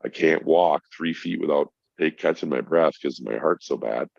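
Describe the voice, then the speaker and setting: A middle-aged man with a very deep, creaky, slightly mellow voice talks at a normal speed as a podcast guest. He tells a personal story in casual chat, swearing often, speaking emphatically and calling the host bro. The recording is dry, dull and lo-fi.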